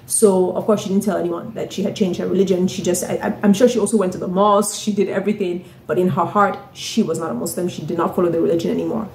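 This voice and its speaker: A woman's voice: lowish voice, fairly even intonation, fast, creaky, hardly any pauses, darkish tone, a little hiss or hum. A woman telling a story in a casual vlog, chatty, often asking "right?" and "you know". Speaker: author and vlogger. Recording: roomy echoey room.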